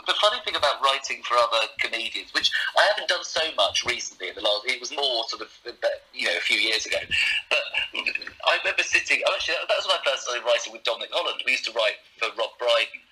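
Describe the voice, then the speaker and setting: A middle-aged man, a comedian, chatting as a podcast guest, animated with quick asides. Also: mid-range voice, husky, rough recording. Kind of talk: casual podcast chat.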